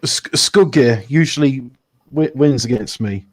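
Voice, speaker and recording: A man hosting a casual online game show, chatty and excitable, exclaiming loudly at his dice rolls. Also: a little high, moderate pace. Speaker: host.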